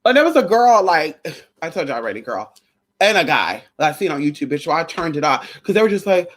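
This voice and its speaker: Animated, profane woman ranting. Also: low voice, brisk. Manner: profane, emphatic, animated storytelling; preachy, sermon-like asides. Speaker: vlogger. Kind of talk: casual rant to camera.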